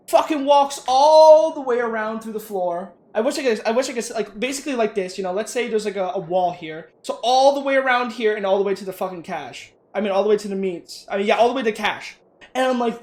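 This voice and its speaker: Profane man ranting about work. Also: high-pitched. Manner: ranting, profane, animated storytelling. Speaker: gaming YouTuber. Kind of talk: casual rant over gameplay.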